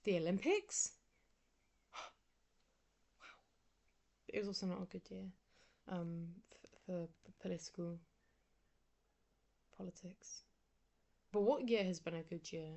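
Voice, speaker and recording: Soft-spoken woman, dipping into whispers. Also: on the low side, lively intonation, a little slow, gravelly, long pauses. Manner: rambling, soft and often dropping into a whisper. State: sleepy, yawning. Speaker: vlogger. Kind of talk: casual chat.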